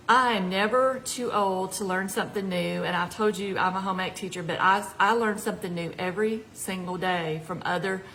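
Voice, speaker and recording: A woman's voice: mid-range voice, fairly bright tone, slight background noise, rough recording. An older woman with a Southern American accent hosting a casual home cooking demonstration, chatty and folksy with plenty of asides. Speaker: cooking show host, retired home ec teacher. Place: home kitchen. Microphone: camera nearby.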